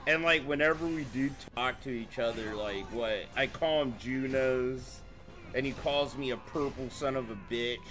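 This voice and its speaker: A man's voice: mid-range voice, moderate pace, fairly bright tone, soft background music. A man chatting casually on a commentary stream, laid-back, swearing constantly and laughing often. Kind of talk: casual profane chat.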